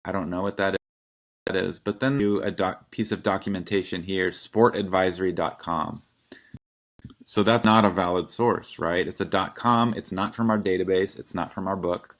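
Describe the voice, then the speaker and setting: Very deep-voiced casual male teacher. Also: steady tone, normal speed, fairly bright tone. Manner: casual, conversational, wry, with frequent throat-clearing. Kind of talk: recorded lecture reviewing an essay.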